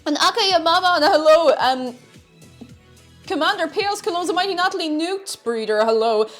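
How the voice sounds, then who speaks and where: Bubbly high-voiced woman streaming. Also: animated, normal speed, fairly bright tone. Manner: bubbly, sing-song, reads out chat names. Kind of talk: casual live-stream chat. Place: home kitchen. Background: faint background music.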